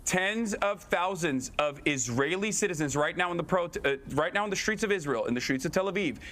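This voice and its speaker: A man's voice: high voice, expressive, brisk, fairly bright tone. A man arguing as a guest on a TV debate panel, combative and profane, talking over the others. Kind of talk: heated TV debate.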